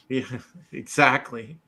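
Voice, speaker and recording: A man's voice: mid-range voice, fairly even intonation, takes it slowly, pushed and bright. A man hosting a casual political podcast, blunt and mocking, greeting chat viewers by name. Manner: blunt, mocking, reads chat names aloud. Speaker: podcast host.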